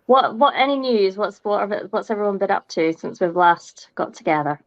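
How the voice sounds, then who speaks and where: A Scottish woman hosting a casual podcast chat, excitable and quick to laugh. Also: mid-range voice, highs cut off. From Scotland. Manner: chatty and excitable, laughs often. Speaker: podcast host.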